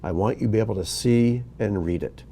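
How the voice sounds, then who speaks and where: A man's voice: lowish voice, dark tone. A man from Ohio teaching a recorded Hebrew lesson, patiently explaining and correcting himself as he goes. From Ohio, USA. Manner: patient, slow and explanatory, with self-corrections and asides.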